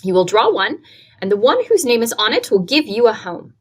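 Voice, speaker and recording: A woman's voice: a little high, big pitch swings, fairly quick, voice pushed up. A woman reading aloud and voicing a proud, stern aunt who speaks coldly and commandingly. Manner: cold, clipped, commanding. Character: stern, proud, cold middle-aged aunt.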